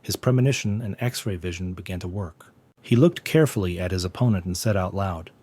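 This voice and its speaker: A man with a fairly low voice narrates a comic story recap. His scripted storytelling is steady and plain. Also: fairly quick, slightly rough.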